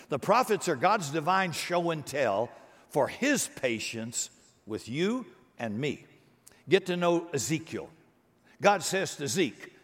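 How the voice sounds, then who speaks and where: A male pastor delivers a lively sermon with a pitch that swings widely and sits a bit high for a man. He talks casually, acts out little voices and cracks jokes. A long reverb trails his words through the church. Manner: animated preaching with acted-out voices and jokes.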